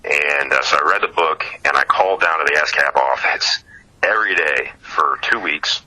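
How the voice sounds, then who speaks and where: A man with an extremely deep voice and a very bright, forceful tone tells a story as a guest in a casual interview. He is a singer-songwriter from Ohio, and he is animated, chuckling as he goes and leaning on many fillers. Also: moderate pace, low-quality recording.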